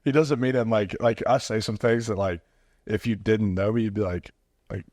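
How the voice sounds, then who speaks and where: A young man with a fairly low voice talks bluntly and rambles, packing almost every phrase with "like". It is casual podcast banter, recorded dry and close to the mic. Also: fairly even intonation, normal speed, a little mellow, no echo. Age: young adult. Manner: blunt, fills speech with "like". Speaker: podcast host, college football player.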